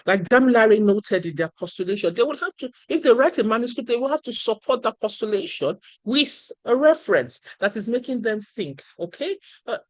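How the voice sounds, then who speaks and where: A woman's voice: a little high, expressive, a little fast, few pauses, no room sound. A woman teaching a research writing class over a video call. She talks in an emphatic, encouraging way and calls on students by name. The sound is dry and close. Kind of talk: online class lecture.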